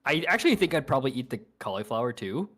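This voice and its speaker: A co-host on a game stream, chatting casually and retelling a film plot in an animated, rambling way. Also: medium pitch, very fast. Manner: animated, chatty, lots of "like" fillers.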